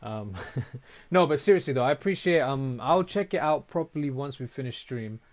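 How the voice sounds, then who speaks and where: A man's voice: medium pitch, expressive, moderate pace. A man streaming a game, chatting casually with his viewers, reading out and answering comments, with frequent swearing. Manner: casual, swears often, reacts to chat.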